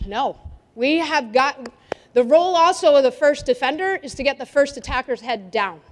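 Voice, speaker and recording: A woman soccer coach with a high voice leads players through a defending drill, calling out instructions and asking them questions. Her energetic voice rings with the long reverb of an indoor gym hall. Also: normal speed. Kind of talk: coaching clinic demonstration.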